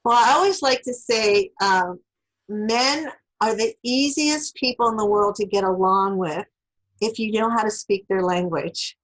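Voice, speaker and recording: A woman's voice: mid-range voice, a little slow, fairly bright tone, low-quality recording. A woman being interviewed as an author, explaining relationship advice through everyday examples and acting out what people say. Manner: explains through worked examples, acts out spoken lines.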